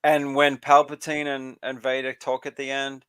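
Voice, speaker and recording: A man co-hosting a casual podcast chat, making short, halting remarks. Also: mid-range voice, monotone, a bit bright, smooth, no echo. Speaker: podcast co-host.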